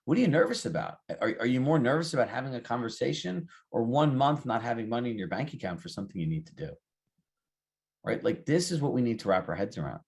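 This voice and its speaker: Animated man coaching a group. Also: mid-range voice, fast, vocal fry. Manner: emphatic, fires rhetorical questions at the group; calls on participants by name. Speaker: real estate coach. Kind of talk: live group coaching session.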